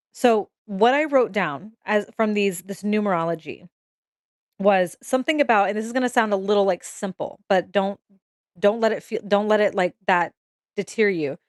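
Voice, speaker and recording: A woman's voice: medium pitch, no room sound, studio quality. A young woman giving a casual, emotional tarot reading to camera, swearing freely and checking in with "okay?" as she goes. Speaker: tarot reader.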